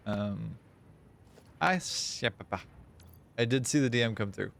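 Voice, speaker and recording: A man streaming a game live, chatting casually in an excitable, self-mocking and sarcastic way. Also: medium pitch, unhurried, creaky. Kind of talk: live gameplay stream chat.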